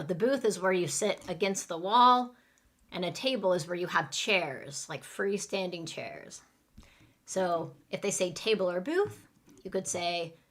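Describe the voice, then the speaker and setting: A woman teaching English in a live online class, speaking slowly and clearly and acting out restaurant phrases for learners to repeat. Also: lowish voice, fairly bright tone. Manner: slow, clear teaching delivery with role-play lines.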